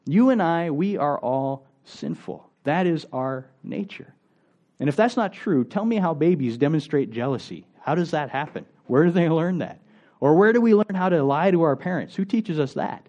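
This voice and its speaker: A man's voice: on the high side, animated, normal speed, a little mellow, lo-fi sound. A male pastor preaching a sermon in a conversational way, asking the congregation rhetorical questions.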